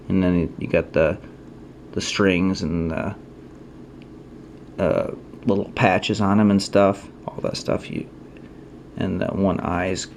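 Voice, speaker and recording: A man's voice: deep voice, darkish tone, slight background noise. A man who is a trading card artist, showing his work in a casual, rambling way, thinking aloud and criticizing his own choices. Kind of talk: casual show-and-tell.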